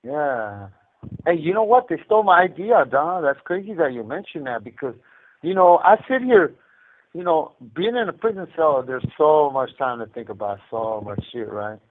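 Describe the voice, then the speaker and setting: A man on a prison phone line tells rambling stories with plenty of cursing. His voice sits fairly high and swings widely in pitch. The line is thin and tinny, like an old phone. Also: moderate pace. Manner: animated storyteller, heavy swearing. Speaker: incarcerated caller. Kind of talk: casual phone chat.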